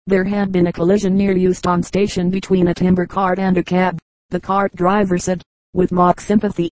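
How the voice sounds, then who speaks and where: Female reader for comic anecdotes; steady delivery, mellow timbre, dry recording. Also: on the low side, normal speed, no room sound, low-quality recording. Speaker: audiobook reader. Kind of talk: reading humorous anecdotes aloud.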